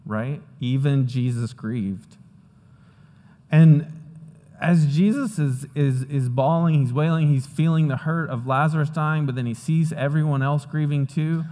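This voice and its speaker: A pastor giving a sermon in a conversational way, often checking in with "right?" and "okay?". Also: male voice, fairly high pitch, measured pace, mellow, in a large hall.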